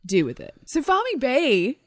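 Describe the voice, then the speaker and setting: A woman's voice: high voice, huge pitch swings, normal speed, no echo. A woman co-hosting a podcast, telling a story in casual chat and acting out quotes with playful voices. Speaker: podcast co-host.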